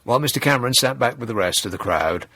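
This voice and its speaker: A man's voice: mid-range voice, expressive, fast talker, bright, forceful tone, breathy edge, no room sound. A man hosting a radio talk show, mocking and sarcastic in tone and chuckling at his own jokes. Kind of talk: sardonic talk radio monologue. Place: radio studio.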